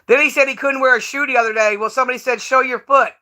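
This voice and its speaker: A woman's voice: sits high, fairly even intonation, racing, bright, forceful tone. A woman streamer who rants with profane, scornful commentary. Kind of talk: ranting live stream commentary.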